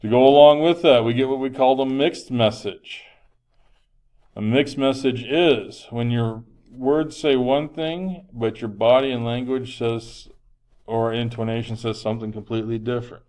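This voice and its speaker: A teacher gives a recorded health lesson in a classroom lecture, speaking conversationally in a projecting voice with frequent fillers. His voice is mid-range and a little mellow, and he speaks at a normal speed.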